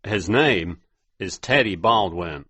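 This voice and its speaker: Storybook part: stern, fearful old father, low dry voice, read by a man. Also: expressive, slow pace, pushed and bright, breathy edge, no room sound, heavily acted. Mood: warning. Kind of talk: storybook reading for English learners.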